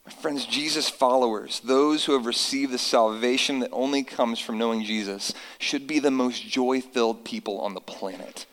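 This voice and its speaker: A man, likely in his thirties, preaching a sermon to his congregation, telling family stories and reading scripture slowly for emphasis. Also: mid-range voice, a bit bright, long reverb tail, poor audio. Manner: earnest, storytelling with slow emphatic scripture reading. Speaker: pastor.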